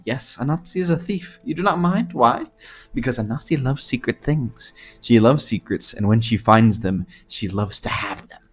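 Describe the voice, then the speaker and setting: A man's voice: on the low side, a bit bright. A man putting on a coy cat-woman thief. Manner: speaks of herself in third person, purring and coaxing. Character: coy scheming female cat-folk thief. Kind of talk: reading game dialogue aloud in a put-on voice.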